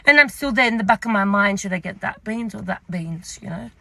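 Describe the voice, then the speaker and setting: A woman's voice: mid-range voice, animated, a little fast, gravelly, fairly bright tone, a little hiss or hum. A young woman with an Australian accent telling a storytime rant in a chatty, rambling way full of fillers. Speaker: vlogger.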